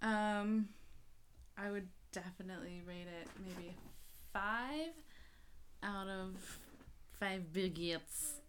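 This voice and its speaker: Giggly bright-voiced woman from Australia. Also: mid-range voice, slow pace, pauses often, smooth. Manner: giggly, joking asides. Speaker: podcast co-host. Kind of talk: casual chat.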